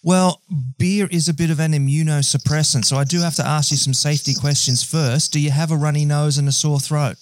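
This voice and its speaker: Australian male podcast host, chatty and upbeat, slightly high voice, dry close sound. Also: fairly even intonation, a little fast, hardly any pauses, dry recording. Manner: upbeat, chatty, friendly banter. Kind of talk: casual podcast chat.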